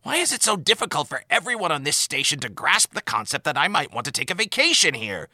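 A man voicing an exasperated male admiral who rants in a rising, high-pitched voice. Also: normal speed, vocal fry, bright, forceful tone, no room sound, full character voice. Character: exasperated male admiral ranting about vacation.

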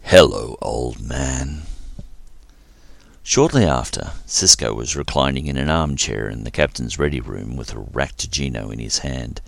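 A man narrating a science-fiction story aloud in a steady, plain reading voice. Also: extremely low pitch, moderate pace, vocal fry, few pauses, no room sound.

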